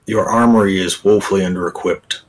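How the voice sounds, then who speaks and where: A man's voice: low voice, steady tone, brisk. A man voicing a stern, cold male warrior in a tabletop game, with blunt, short lines. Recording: distant mic.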